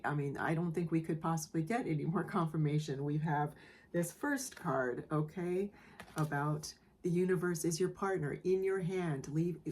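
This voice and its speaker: A woman giving a collective tarot reading in a soft, emotional way, often repeating phrases and checking in with the listener. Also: sits low, a little hiss or hum. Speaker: tarot reader. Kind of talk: gentle spoken tarot reading.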